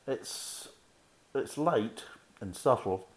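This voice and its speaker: A man's voice: medium pitch, lively intonation, extremely slow. A middle-aged man giving a casual, rambling beer review with chatty asides. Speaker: beer reviewer, podcast host. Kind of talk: casual tasting review and chat.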